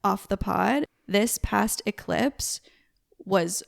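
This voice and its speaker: A woman's voice: medium pitch, normal speed, creaky. A woman co-hosting a podcast, a witch who runs a crystal shop, chatting in a playful, joking way. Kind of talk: casual chat.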